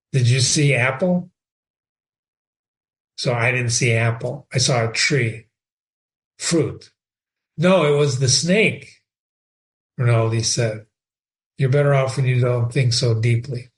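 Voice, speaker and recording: A man hosting a reading show, explaining a novel in a conversational teaching manner, with rhetorical questions and repeated words. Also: mid-range voice. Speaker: host and reader.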